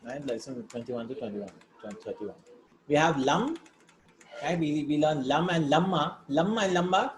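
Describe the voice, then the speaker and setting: Speaking at normal speed in a slightly high voice, a man reads Arabic words and sentences and walks through them step by step in English for a recorded lesson. "Right?" punctuates his points, and the echoey room has a faint background hiss.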